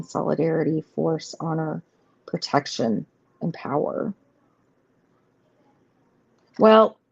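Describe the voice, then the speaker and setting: A woman with a fairly low, husky, darkish voice and vocal fry hosts a live tarot reading, chatting casually and rambling through the cards with many fillers. She speaks straight to viewers, reassuring them, over slightly muffled stream audio with faint noise.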